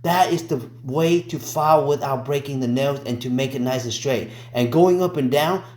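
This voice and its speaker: This nail technician walks through a tutorial in a mid-range, darkish voice at a moderate pace, with an echoey room around him. He's slangy and laid-back, frequently saying y'all and making joking, teasing asides.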